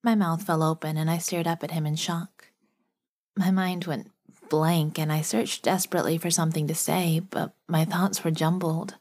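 Low-pitched female narrator for first-person audiobook, steady storytelling. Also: normal speed.

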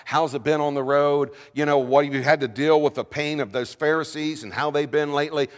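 A man voicing a friendly young woman who eagerly welcomes a guest, speaking softly. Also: a little high, fairly even intonation, brisk, long reverb tail, natural voice.

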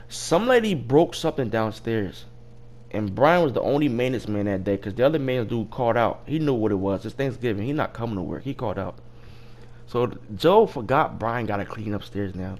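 A young man casually telling a work story, rambling and profane, with loose restarts. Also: medium pitch. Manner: rambling, profane, laughing at his own story.

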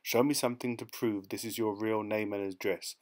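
A man voicing a big, menacing motorcycle policeman who talks softly and mockingly, then barks orders. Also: on the low side, fairly even intonation, brisk, close to an everyday voice. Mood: stern. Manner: soft and mocking, then barking.

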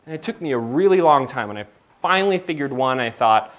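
A man giving a motivational keynote in an event hall, telling a story in an animated, jokey way and acting out the dialogue. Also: medium pitch, a little fast. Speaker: keynote speaker. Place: event hall before a live audience.

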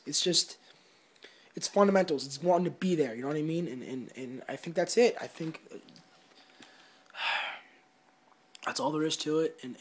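A young man with a slightly high voice rambles earnestly through a mock-serious hockey vlog. He stumbles over repeated words and builds toward fired-up game talk. A faint hiss sits under the recording. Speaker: hockey player.

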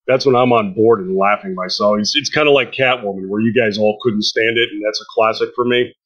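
A man's voice: medium pitch, muffled recording. A man on a podcast panel chatting casually, rambling and self-deprecating.

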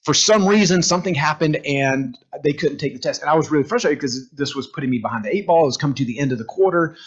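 Male teacher, fairly high husky voice, lively lecture style, dull lo-fi room recording. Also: fast talker. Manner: animated, asks the room questions, acts out quotes. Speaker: teacher leading a group class. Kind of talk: conversational classroom lecture.

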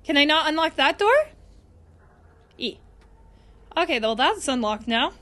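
Squeaky high-pitched woman streamer. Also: a little slow. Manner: excitable, chatty, talks to chat. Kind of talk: live gameplay commentary.

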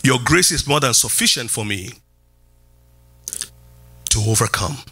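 A middle-aged man, a pastor, preaching a sermon in a church. He repeats key phrases and swings from loud calls down to quiet lines. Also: animated, measured pace, slightly rough. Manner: preaching with sweeping pitch jumps and repeated phrases. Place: church hall.

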